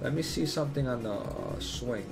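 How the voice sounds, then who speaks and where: A man hosting his own channel, talking through charts in casual commentary. He sits in a mid-range voice and leans hard on repeated warnings, cursing freely as he goes. Soft music plays faintly behind him. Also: mid-range voice, animated, moderate pace, gravelly.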